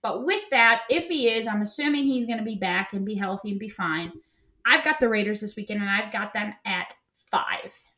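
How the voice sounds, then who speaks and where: A woman's voice: medium pitch, moderate pace, pushed and bright. A woman co-hosting a podcast, talking in a chatty, playful way and often breaking into giggles. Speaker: podcast co-host. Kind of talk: casual sports chat.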